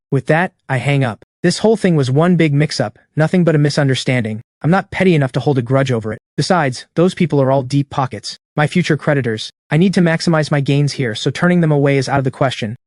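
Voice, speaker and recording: A man narrating a first-person story in a brisk, deadpan way. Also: fairly high pitch, no room sound, studio quality.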